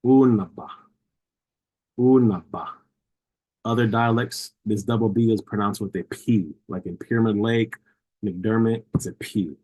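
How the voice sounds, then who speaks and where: A man's voice: on the low side, low-quality recording. A man teaching a language lesson, patiently repeating each word several times to model its pronunciation.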